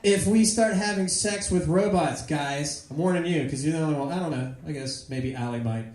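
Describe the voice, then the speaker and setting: A woman doing a rambling, profane stand-up comedy set, breaking into loud shouted bits. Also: low-pitched, a little fast. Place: comedy club with audience. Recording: echoey club room with crowd.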